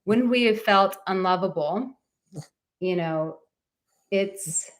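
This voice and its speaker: A woman's voice: mid-range voice, takes it slowly. A woman relationship coach in casual live-stream chat from a relative's home, bubbly and talkative, reading out viewer comments.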